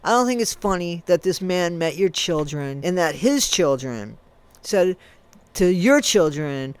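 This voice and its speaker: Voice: mid-range voice, very animated, unhurried, clean tone. A commentary creator angrily ranting at someone, accusing him directly and spelling out swear words letter by letter. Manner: heated, accusing, addresses the subject directly.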